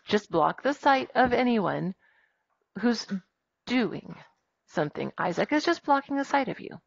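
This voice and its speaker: A woman teaching a grammar lesson in a classroom, brisk and firm with her students as she dictates punctuation aloud. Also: on the high side, sing-song, vocal fry, no room sound, highs cut off.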